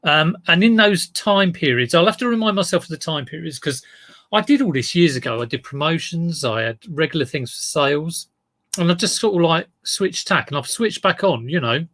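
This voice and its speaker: A man's voice: on the high side, expressive, normal speed, fairly bright tone, no room sound. Chatty man greeting viewers. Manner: chatty, greeting viewers by name, rambling asides. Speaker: online reseller streaming live. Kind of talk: casual live-stream chat. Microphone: desk mic in front of him.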